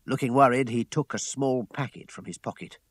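A man reading an audiobook aloud in a measured storytelling manner, with expressive rises and hushed dips. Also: medium pitch, no echo, studio quality. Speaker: narrator. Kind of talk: audiobook narration.

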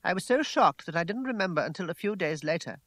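A man reads a first-person story aloud in a measured, dramatic way. His voice is slightly higher than most men's. The recording is dry and close. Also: expressive, fairly bright tone, dry recording. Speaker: audiobook narrator. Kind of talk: scripted narration.

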